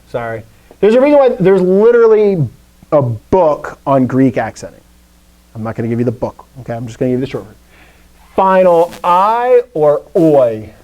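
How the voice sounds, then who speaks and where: Lively male Greek teacher, mellow voice. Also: on the high side, poor audio. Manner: animated, playful explaining with questions to students. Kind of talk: live classroom lesson.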